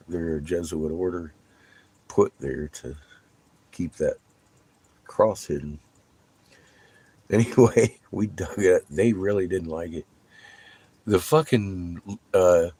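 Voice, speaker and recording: Low-voiced man rambling and swearing. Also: slightly rough, dry recording. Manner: profane, animated storytelling with bursts of laughter. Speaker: vlogger. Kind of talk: rambling casual monologue.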